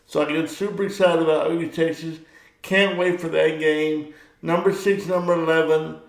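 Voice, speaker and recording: A middle-aged man hosts his own casual monologue, rambling from one thing to the next and getting heated about sports. His voice has a gravelly edge and sits a little high for a man. The sound carries a noticeable room echo. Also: little pitch movement, moderate pace. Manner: chatty, rambling, gets worked up about sports. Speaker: vlog host.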